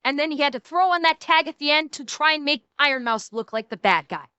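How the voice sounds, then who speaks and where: A woman's voice: high-pitched, animated, a little fast, sharp tone, dry recording, muffled recording. A woman streamer giving blunt, heated, profane commentary while reacting to clips.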